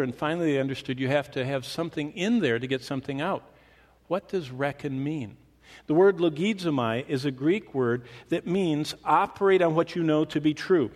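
A man preaching a sermon to a congregation, animated, with his pace and volume shifting for emphasis. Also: on the high side. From Michigan. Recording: long reverb of a hall.

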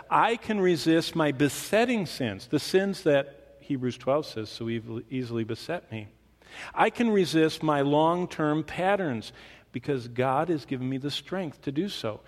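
A man preaching a sermon to a congregation, animated, with his pace and volume shifting for emphasis. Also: on the high side. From Michigan. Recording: long reverb of a hall.

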